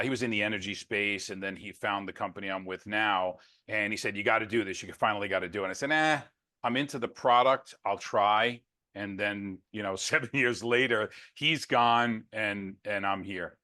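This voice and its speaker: Man, interview guest, low pitch, bright forceful tone, self-deprecating humor. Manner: wisecracking, self-deprecating storyteller. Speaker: guest, network marketer. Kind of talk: casual interview chat.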